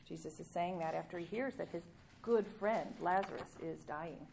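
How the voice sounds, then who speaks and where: A woman giving a sermon, reading scripture aloud with emphatic rises and pauses, ending in prayer. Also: fairly low pitch, gravelly, darkish tone, slight background noise. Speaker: preacher.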